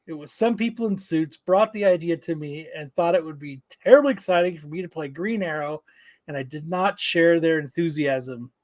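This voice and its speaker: A man chats as a comic podcast host in a high register, tossing in crude jokes. The sound is dry and close to the mic. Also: normal speed, a little mellow, no echo. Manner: profane, joking, reads news aloud. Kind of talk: casual comic podcast banter.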